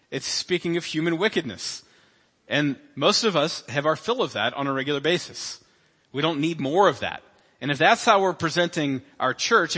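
A man's voice: fairly high pitch, sharp tone, slightly rough, in a large hall. A man pastor delivering a sermon in a conversational way, with asides and acted-out quotes. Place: church sanctuary.

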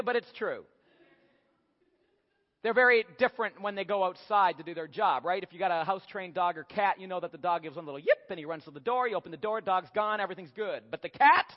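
A man delivers a sermon with animated, humorous storytelling. His voice sits high for a man. The recording is dull and lo-fi, with a long hall reverb. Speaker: preacher. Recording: echoey hall, dull lo-fi sound.

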